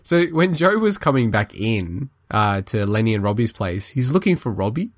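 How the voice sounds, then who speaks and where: A man's voice: fairly low pitch, sing-song, moderate pace, no echo. Chatty man recapping a show, dry sound. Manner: chatty, recounts scenes with laughs and acted quotes. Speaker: podcast co-host. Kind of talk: casual chat recapping a show.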